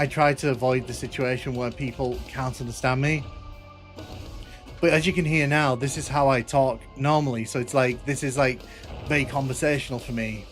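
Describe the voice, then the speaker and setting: A man with a northern English accent, from the area between Manchester and Liverpool, talks casually as he streams a game and answers his viewers. His pitch sits in the middle range. Faint game music plays underneath. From northern England. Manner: chatty, reading and answering viewer comments. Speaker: gaming streamer.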